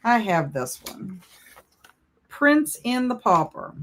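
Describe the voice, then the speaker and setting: A woman hosts a casual reading livestream, chatting along and letting out mock-dramatic sighs of dismay. Her mid-range voice swings widely in pitch, and she speaks slowly.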